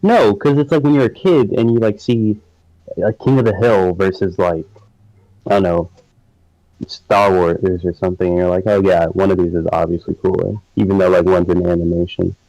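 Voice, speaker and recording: A man's voice: sits low, steady tone, moderate pace, dark tone, dry recording, poor audio. A young man co-hosting a casual live stream chat, rambling with lots of filler words and frequent laughter. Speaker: podcast co-host.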